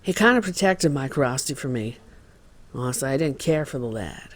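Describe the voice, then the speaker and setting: A man's voice: mid-range voice, lively intonation, moderate pace, lightly acted. A man voicing a male contractor who testifies as a witness in a dramatized reading of court testimony, telling the story in a plain, worried way.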